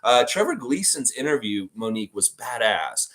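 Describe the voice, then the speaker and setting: A man's voice: medium pitch, big pitch swings, normal speed, a bit bright. A man hosting a casual live stream, rambling and reading viewer comments aloud. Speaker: livestream host.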